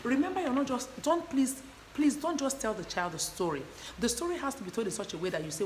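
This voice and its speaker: A woman's voice: sits high, very animated, fast, darkish tone. A woman teaching parents in an earnest, repetitive way, often asking her listeners whether they understand. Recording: echoey room with faint background noise.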